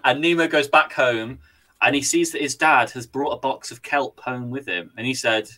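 A man co-hosting a comedy podcast, spinning a silly story with frequent laughs and quick bursts of character voices. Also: mid-range voice, pushed and bright. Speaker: podcast co-host.

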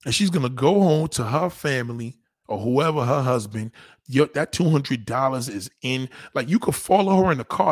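Profane, animated man with husky voice. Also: medium pitch, normal speed. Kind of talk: crude stand-up style rant.

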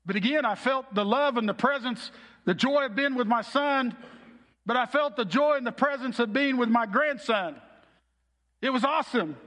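Middle-aged male pastor with a high-pitched voice, earnest heartfelt preaching, recorded with long hall reverb. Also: normal speed, fairly bright tone. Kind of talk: sermon.

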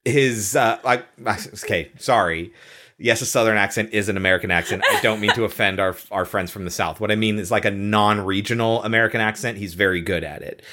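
Male podcast co-host, low voice, relaxed chatty film talk, quick to laugh. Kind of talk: casual film discussion.

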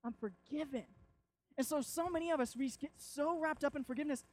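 A young man preaching a sermon, telling stories with lively acted-out moments. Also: very high-pitched, fast talker. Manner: animated storytelling, acts out shouts and quotes.

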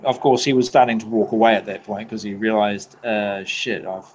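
Low-voiced New Zealand man chatting. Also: steady tone, a little mellow, lo-fi sound, slight background noise. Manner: laughs often, swears freely, halting restarts. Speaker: podcast guest. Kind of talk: casual podcast chat.

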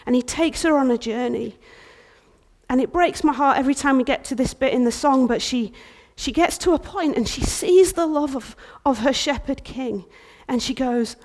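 A woman delivers an impassioned church sermon in a fairly high voice. She swings between loud, ringing outbursts and soft whispers as she tells her story, with a restless, dramatic energy. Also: moderate pace. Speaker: preacher.

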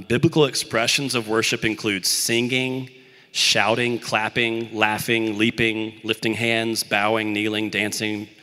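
A young man from the Birmingham, Alabama area preaches a casual, self-deprecating sermon. His lowish voice has a forceful, bright edge. A long reverb trails behind his words, as in a big hall. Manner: conversational, self-deprecating storytelling.

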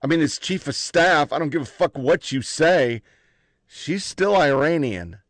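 A man telling army stories in a blunt, profane, animated way. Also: on the high side, a little slow, no echo. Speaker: army veteran recounting stories. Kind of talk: profane casual storytelling.

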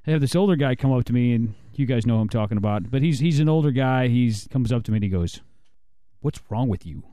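A man hosting a casual comedy show, telling a long story with halting restarts. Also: mid-range voice, mellow, clean tone, no room sound. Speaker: show host.

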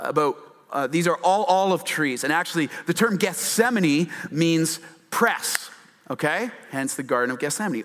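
A male pastor preaching a sermon, animated and often acting out quotes in a raised voice. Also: medium pitch. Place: church hall with slides on a screen. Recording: long hall reverb.

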